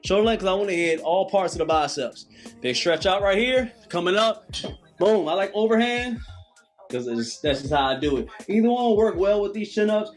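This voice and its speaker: High-voiced preachy workout coach man. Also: expressive, moderate pace, faint music behind. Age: late 30s. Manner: preachy, repetitive motivational cues. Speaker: calisthenics coach.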